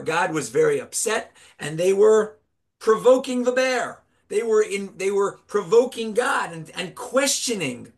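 A man with a high voice teaching a Torah lesson. He tells the story in a lively, animated way and keeps asking his listeners rhetorical questions. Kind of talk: Torah class.

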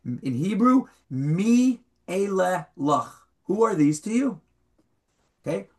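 Animated man teaching a Bible class. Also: high voice, slow pace. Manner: animated, questions the students, reads Hebrew aloud. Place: classroom with a small group.

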